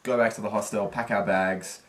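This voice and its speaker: A man's voice: fairly low pitch, fairly quick. A man casually recounting a travel mishap, acting out what people said. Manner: animated, acts out quotes. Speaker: travel vlogger. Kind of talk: casual storytelling. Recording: echoey with light noise.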